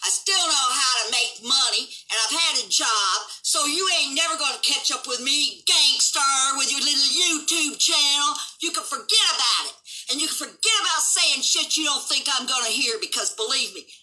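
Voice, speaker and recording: A woman's voice: high voice, moderate pace, rough recording. Fiery foul-mouthed seventy-year-old woman. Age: 70s. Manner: combative, swearing constantly, shouting at times. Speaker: livestream host. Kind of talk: angry profane rant.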